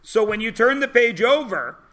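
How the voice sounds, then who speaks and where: A man teaching a math class, animated and joking, explaining word problems and telling stories to his students. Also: very high-pitched, moderate pace. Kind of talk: classroom lecture.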